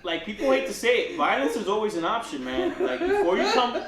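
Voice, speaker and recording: A man's voice: very high-pitched, wildly swooping pitch, fairly quick, reverberant, a loud crowd. A man co-hosting a casual podcast, telling stories loosely, acting out quotes and swearing freely. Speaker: podcast co-host. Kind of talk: casual chat.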